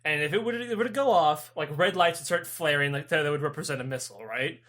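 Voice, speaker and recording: A young man co-hosting a casual podcast, telling stories in an animated, profane way and acting out the people in them. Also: fairly high pitch, fast talker. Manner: profane, animated storytelling with voiced characters. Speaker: podcast co-host. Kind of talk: casual chat.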